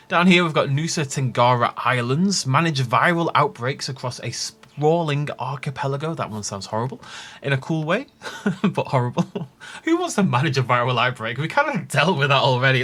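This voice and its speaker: A man's voice: mid-range voice, a bit bright. A man giving enthusiastic, jokey commentary on his own gameplay as a gaming video host. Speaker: gaming YouTuber.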